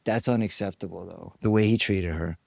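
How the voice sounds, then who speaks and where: A man being interviewed, telling stories from his life in a casual, animated way, acting out what people said and swearing now and then. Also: deep voice, brisk, dry recording, studio quality. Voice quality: gravelly. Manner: animated storyteller, acts out quotes, swears. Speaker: interview guest. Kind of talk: casual storytelling.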